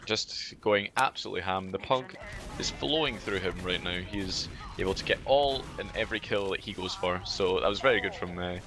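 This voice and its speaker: A man with a Scottish accent casting a live esports match, relaxed and full of fillers. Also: sits low, brisk, over music. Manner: relaxed, filler-heavy play-by-play with banter. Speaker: esports caster. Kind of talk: live game commentary.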